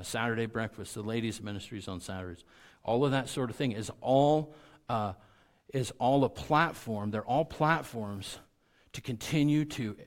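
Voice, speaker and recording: A pastor preaches a sermon in an average-pitched, earnest and conversational voice, frequently restarting and repeating words. On key points he builds to loud, emphatic peaks, then drops low and quiet when citing chapter and verse.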